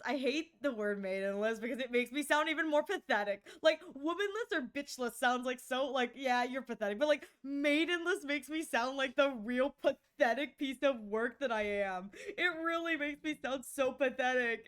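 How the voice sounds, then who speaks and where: A woman's voice: sits high, lively intonation, moderate pace, fairly bright tone, smooth. A young woman streamer chatting casually with viewers, rambling and giggly, often mocking herself.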